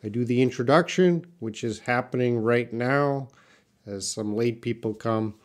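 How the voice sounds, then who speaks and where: A Canadian man hosts a live English lesson at an unhurried pace, explaining each step patiently. He breaks off often to answer viewers in the chat by name. His voice sits at an ordinary middle pitch. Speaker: English teacher.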